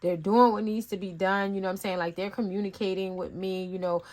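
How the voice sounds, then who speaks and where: A woman gives a spiritual card reading in a loose, talkative way. She rambles and circles back, stacking up "you know" and "like" as she goes. Her voice sits at a middle pitch, and she tells her stories with animated energy. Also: brisk. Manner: rambling and conversational, many fillers; animated storytelling with acted-out asides. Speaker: tarot reader. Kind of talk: casual spiritual reading talk.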